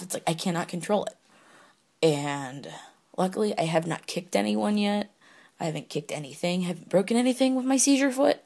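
A young woman with a lowish, gravelly voice chats candidly into her phone as a solo podcaster answering question prompts. Her talk is casual and rambling, full of giggles and filler words.

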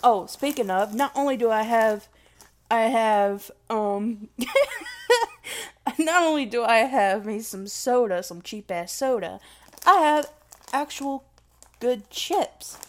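A young woman talks slowly in a rambling, emotional vlog monologue. Her voice sits fairly high, and she mocks herself and swears freely. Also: lively intonation. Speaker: vlogger.

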